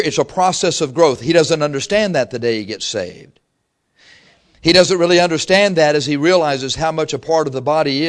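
A male pastor preaching a conversational sermon in a church, telling stories and acting out little exchanges of dialogue. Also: on the high side. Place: church sanctuary.

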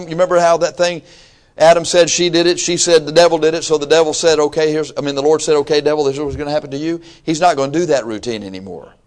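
Preaching emphatically, a man moves from low asides to shouted exhortation, reading scripture aloud and performing his listeners' excuses.

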